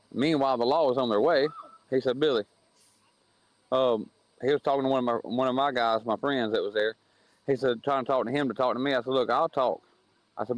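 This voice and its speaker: A man's voice: medium pitch, dry recording, poor audio. A man tells a heated racetrack story in casual podcast chat, acting out the quoted arguments in a blunt, plain-spoken way. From southern United States. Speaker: racing series promoter on a podcast.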